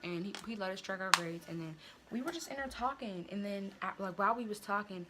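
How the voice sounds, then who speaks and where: A woman's voice: medium pitch, fast talker, very noisy. A teenage woman telling a casual storytime to her viewers, chatty and full of slang and fillers. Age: teens. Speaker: vlogger.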